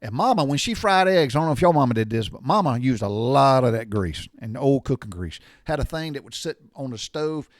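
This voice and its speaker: A man's voice: mid-range voice, lively intonation, fairly quick, few pauses, no echo, clean studio sound. An older man, telling rambling, folksy home stories with mild cussing. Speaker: storyteller sharing memories. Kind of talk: casual storytelling monologue.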